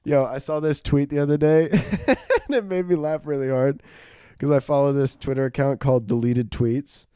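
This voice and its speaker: A young man chats casually as a podcast host. His voice sits a bit high and mellow, recorded dry and close. He tells stories with energy, slipping into quoted voices and laughing along. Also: normal speed, smooth, no room sound. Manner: animated storyteller, acts out quotes, laughs often. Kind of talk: casual chat.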